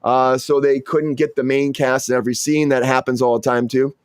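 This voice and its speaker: A man's voice: fairly quick, clean tone, dry recording, studio quality. A man, an actor hosting the show, chatting casually and acting out quotes from his stories in a raised voice. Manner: animated storyteller, acts out quotes in high voice. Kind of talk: casual chat.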